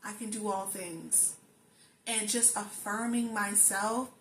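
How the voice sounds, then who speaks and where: A young adult lifestyle vlogger delivers a personal, reflective monologue, earnestly affirming herself and repeating phrases for emphasis. Her medium-pitched voice is steady, slow, and fairly bright, in an echoey room with faint ambient noise.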